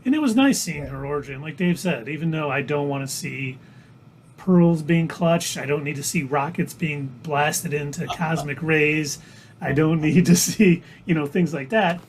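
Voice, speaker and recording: A man co-hosting a casual livestream chat, talking in a relaxed, joking way. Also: a little high, normal speed, slight background noise. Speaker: co-host.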